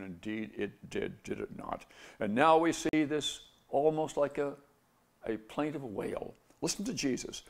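Gravelly male Bible teacher, earnest preacher, fond of rhetorical questions. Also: a little high, animated, a little slow, darkish tone.

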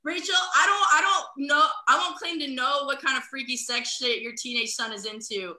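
A woman's voice: high voice, moderate pace, sharp tone. A young woman from the Midwest doing a profane stand-up set over a video call, laughing through her jokes. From American Midwest. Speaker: stand-up comic. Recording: roomy echo.

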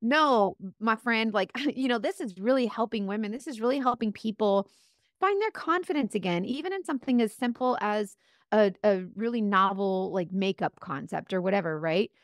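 A woman guest telling a faith-filled personal story in an earnest, animated way, often saying "like". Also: mid-range voice, moderate pace, dry recording, clean studio sound. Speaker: guest, makeup seller.

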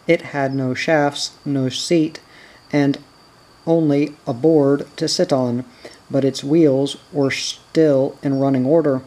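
A slow, unhurried reader narrating a children's book aloud. The voice is mellow and soft, with a calm, measured storytelling manner. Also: medium pitch, rough recording. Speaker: audiobook reader. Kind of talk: reading a children's novel aloud.

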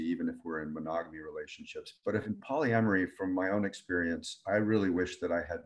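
A man teaching a relationship coaching class, earnest and explanatory. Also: deep voice. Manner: earnest, acts out partners' words in quoted voices.

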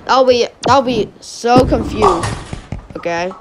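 A channel host giving rambling commentary on a mobile game, who yelps and groans at misses. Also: female voice, fairly high pitch, slow pace, heavy background noise. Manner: rambling, restarts sentences.

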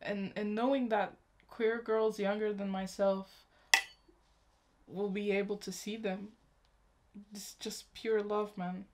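Gushing young woman reacting excitedly. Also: mid-range voice, takes it slowly, long pauses, noisy background. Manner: gushing, emotional, talks to viewers as friends. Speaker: YouTube reaction host. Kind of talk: excited casual reaction vlog.

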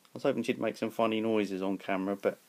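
A man's voice: fairly low pitch, fairly even intonation, quick pace. A man chatting affectionately to his pet and to the camera at home, recorded on a tablet, still in bed early in the morning, laughing often. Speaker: pet owner vlogger. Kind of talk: casual home video chat.

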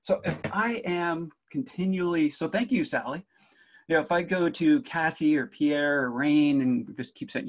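A man's voice: fairly high pitch, normal speed. A middle-aged man from New Jersey with a faint Jersey accent, giving a jokey conference talk on cybersecurity and speaking straight to the audience.

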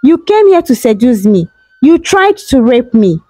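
A woman's voice: fairly high pitch, sing-song, measured pace, a little mellow, no echo, faint music behind, poor audio. A woman putting on a smug bullying prince. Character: lecherous arrogant young male prince.

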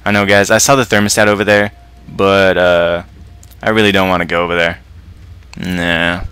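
A man's voice: deep voice, little pitch movement, moderate pace, pushed and bright, clean tone, no room sound, soft background music. A man giving playful gaming commentary and bantering with a dog puppet. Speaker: gamer.

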